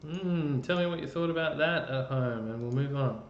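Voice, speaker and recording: Chatty Australian man explaining music. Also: normal speed. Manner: chatty, explains with fillers and restarts. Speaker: music presenter. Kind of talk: casual live-stream explainer. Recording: roomy dull live-stream audio with faint rumble.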